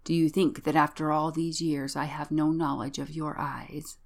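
A woman's voice: deep voice, flat delivery, moderate pace, creaky. A woman voicing an ancient, twisted, frog-like man of the marsh in a whispered role-play, breathless and quavering. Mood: bitter whisper.

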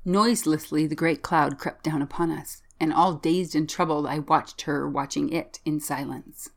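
Low-voiced woman reading a gothic tale. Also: steady tone, gravelly. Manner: measured, dramatic first-person narration.

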